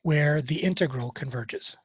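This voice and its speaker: A man's voice: on the high side, a little slow, a bit bright, slightly rough, no echo, dull audio. A man teaching a college math class, talking through problems in a casual way with wry asides. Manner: conversational, self-deprecating asides while working problems. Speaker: math instructor. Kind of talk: recorded class lecture.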